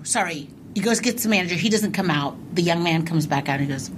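A woman's voice: fairly low pitch, quick pace, few pauses, background noise. A middle-aged woman co-hosting a podcast, retelling a heated story in casual chat and acting out both sides of the argument. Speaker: podcast co-host.

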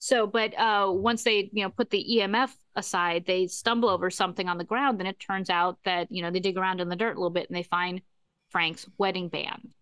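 A woman's voice: on the low side, fairly quick, clear, resonant tone, no room sound. Woman gabbing about an episode, acts out lines, laughs a lot, dry close mic. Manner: animated storyteller, acts out quotes, laughs often. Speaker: podcast co-host. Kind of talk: casual chat recapping a TV episode.

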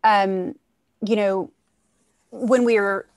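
A woman, a panel guest, explains her views in a measured way with frequent fillers during an online discussion. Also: medium pitch, fairly even intonation, no room sound. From United States.

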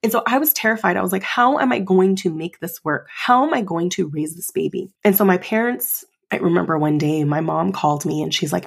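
A woman in her thirties hosts a podcast and tells her own story candidly, leaning on fillers as emotion comes through. Her voice is low-pitched, with a gravelly fry and a husky edge. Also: fairly quick, hardly any pauses. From United States. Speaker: podcast host. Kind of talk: personal storytelling.

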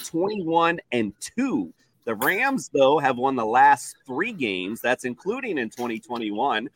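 A man's voice: mid-range voice, a little hiss or hum. A man hosting a sports picks show, reading stats and playfully calling on each panelist. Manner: animated, playful, reads stats then asks panel.

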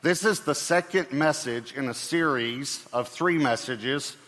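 Pastor preaching in a reverberant hall. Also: male voice, medium pitch, unhurried, fairly bright tone. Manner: conversational, with fillers and light humor. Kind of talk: sermon.

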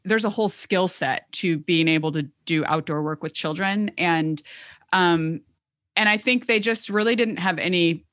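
A woman's voice: lowish voice, normal speed, fairly bright tone, no room sound, studio quality. A woman in her thirties, an occupational therapist guest, talking chattily and rambling with lots of filler words. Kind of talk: conversational interview.

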